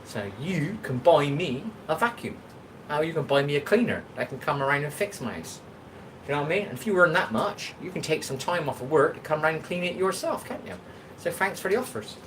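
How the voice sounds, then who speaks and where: A man's voice: on the high side, very animated, brisk, fairly bright tone, slight background noise, poor audio. Rambling English man chatting while cooking. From England. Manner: rambling, chatty, talks back to chat comments. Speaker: livestream host. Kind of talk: casual livestream chat while cooking.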